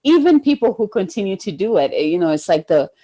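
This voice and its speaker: A woman's voice: medium pitch, sing-song, quick pace. A woman hosting a podcast interview in a casual way, who agrees often and asks open questions. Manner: warmly affirming, frequent agreeing replies. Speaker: podcast host.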